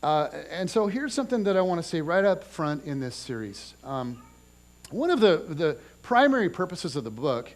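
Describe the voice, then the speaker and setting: Guy in his 40s giving a sermon, talks casual, kinda high voice. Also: normal speed. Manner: conversational, animated storytelling with restarts. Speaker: pastor. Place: church auditorium.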